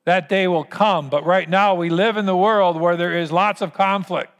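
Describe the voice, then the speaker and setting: A man's voice: sits high, fairly even intonation, moderate pace, fairly bright tone, big-room sound. A man preaching a sermon as pastor, earnest and storytelling, asking the congregation to repeat lines after him.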